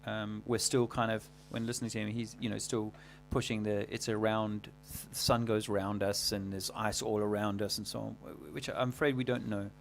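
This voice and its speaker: A man hosting a livestream, talking casually in a rambling, halting way full of fillers and restarts. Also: lowish voice, little pitch movement, gravelly, slight background noise. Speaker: livestream host.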